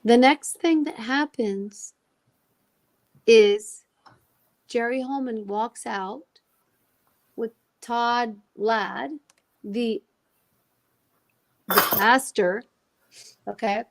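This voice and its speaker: A woman's voice: on the high side, very slow, pauses often. A woman telling an emotional personal story as a guest, acting out the voices of the people she quotes. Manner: animated, acts out quoted dialogue.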